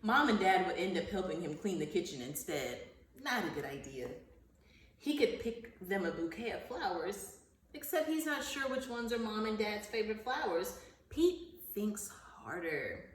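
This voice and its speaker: A woman's voice: mid-range voice, sing-song, slight background noise. Woman teacher reading aloud, echoey and distant. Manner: slow, carefully enunciated, repeats words for children. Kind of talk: vocabulary lesson and read-aloud story. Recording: roomy, echoey sound from a distance off the mic.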